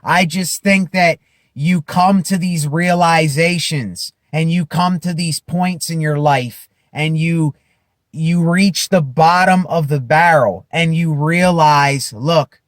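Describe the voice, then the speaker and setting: Slow, emphatic man with a high voice. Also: no room sound, studio quality. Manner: slow, emphatic, repeats phrases, rises to shouting declarations. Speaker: vlogger. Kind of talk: impassioned self-help monologue.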